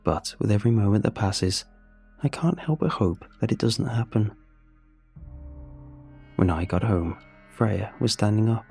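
A man narrating a first-person horror story in a measured, scripted way. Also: on the low side, gravelly, warm tone, husky, soft background music.

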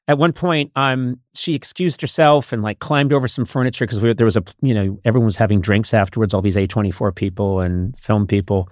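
A man in his sixties hosting a podcast in casual chat, talking haltingly with many fillers and restarts. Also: on the low side, darkish tone, no room sound, studio quality. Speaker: podcast host.

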